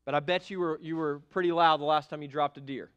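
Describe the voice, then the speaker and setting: A middle-aged man preaching a sermon as pastor in a church, animated and emphatic, with sudden loud bursts. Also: a little high, fast, smooth. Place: church sanctuary.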